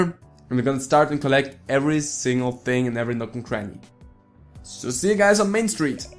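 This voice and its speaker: A young man hosting a let's play, rambling casually with quick asides about the game. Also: on the high side. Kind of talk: casual gameplay commentary.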